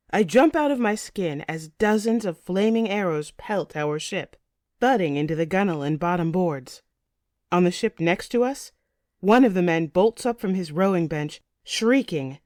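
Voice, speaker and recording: Woman narrator, lowish voice, vivid first-person saga read, very dry close sound. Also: animated, unhurried, a little mellow, dry recording. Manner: vivid, tense storytelling. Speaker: audiobook narrator.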